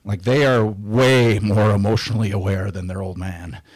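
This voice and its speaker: A man in his forties with a somewhat low voice, talking as a podcast guest. He is blunt and swears freely, yet reflective and candid about his feelings. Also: fairly even intonation, normal speed, no room sound, studio quality. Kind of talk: candid casual chat.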